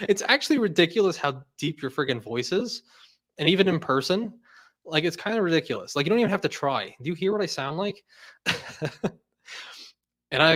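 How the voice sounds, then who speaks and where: A man's voice: a little high, fairly bright tone. A young man hosting a casual livestream, who rambles, laughs often and leans on "like" fillers. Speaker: host.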